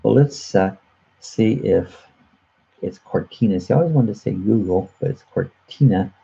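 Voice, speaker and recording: This live chat show host speaks at a moderate pace in a lowish, warm, creaky voice with a breathy edge. Recording through his computer webcam mic, he rambles casually on his own channel, chuckling often and filling gaps with "uh" and restarts. The sound is lo-fi.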